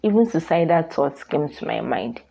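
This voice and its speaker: Husky gravelly Nigerian woman storyteller. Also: deep voice, big pitch swings, moderate pace, warm tone. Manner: earnest, emphatic, repeats phrases. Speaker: vlogger. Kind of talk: personal storytelling to camera. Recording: dull lo-fi sound.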